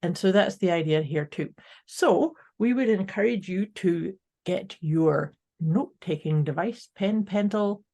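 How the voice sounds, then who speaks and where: Female podcast co-host, upbeat and casual, mellow and slightly gravelly tone, talks to the audience directly. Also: lowish voice, a little slow. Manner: upbeat, addresses listeners directly. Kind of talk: casual motivational chat.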